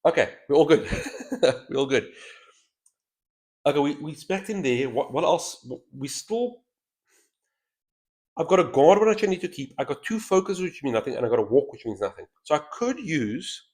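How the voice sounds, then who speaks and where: A man's voice: fairly high pitch, very animated, normal speed, pauses often, a little mellow. Man thinking aloud through a board game. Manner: thinks aloud, weighing moves. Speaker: host playing a solo board game. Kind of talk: casual game commentary. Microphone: headset mic with a straw-like boom.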